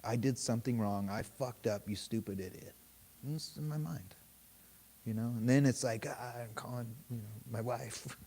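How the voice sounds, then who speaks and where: A man leading a meditation group, telling a story in a relaxed, casual way, swearing freely and laughing often. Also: mid-range voice, normal speed. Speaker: meditation teacher. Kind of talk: casual dharma talk.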